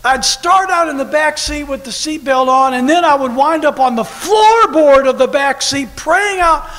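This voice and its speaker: A man preaching a sermon at a church service, telling a story with lively, animated delivery that bursts into shouting. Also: very high voice, normal speed. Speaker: pastor. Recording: long hall reverb with faint noise.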